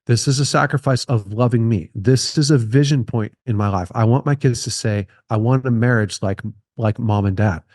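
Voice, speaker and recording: A man's voice: mid-range voice, normal speed, a little mellow, no echo, studio quality. A man in his thirties, a podcast guest speaking earnestly and repeating key phrases for emphasis. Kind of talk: conversational podcast interview.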